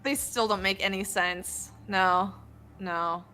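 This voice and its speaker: A woman's voice: mid-range voice, fairly even intonation, takes it slowly, sharp tone, slight background noise. A woman co-hosting a casual show, laughing often and reading game lines aloud. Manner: giggly, playful, switches into character readings. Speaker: podcast co-host.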